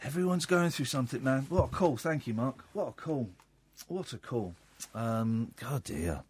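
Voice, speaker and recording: A man hosting a late-night radio phone-in, talking in a rambling, halting way full of fillers. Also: medium pitch, lively intonation, slightly rough. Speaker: radio host. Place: radio studio.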